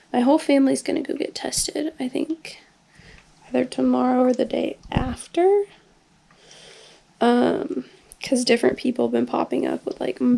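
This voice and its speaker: A young woman vlogger films herself on camera for a casual video diary in her bedroom, rambling with plenty of "like" and "um" as she recovers from an illness and tires easily. Her voice is a little high and a bit mellow, with vocal fry and slight background noise.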